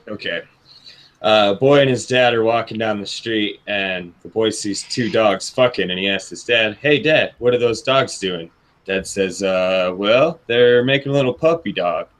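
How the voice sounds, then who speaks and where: Low-voiced man telling a joke. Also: measured pace. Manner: relaxed storyteller, acts out the quoted lines.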